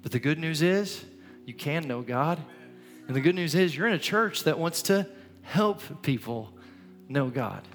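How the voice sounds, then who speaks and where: A man with a voice on the high side and lively intonation preaches a bit slowly from a church sanctuary, earnest and urging, repeating phrases again and again. Soft music plays under a long, hall-like reverb.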